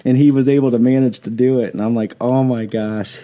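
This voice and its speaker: Guy on a podcast cracking himself up telling stories, relaxed mellow voice. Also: medium pitch, fairly quick. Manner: laughing, animated storyteller. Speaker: podcast co-host. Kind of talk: casual podcast chat.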